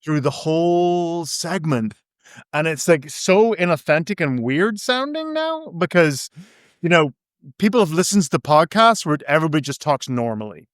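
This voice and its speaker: A man's voice: fairly high pitch, big pitch swings, normal speed, no room sound, clean studio sound. Playful, rambling male author guest. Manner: rambling, playful, many restarts. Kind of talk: casual interview chat.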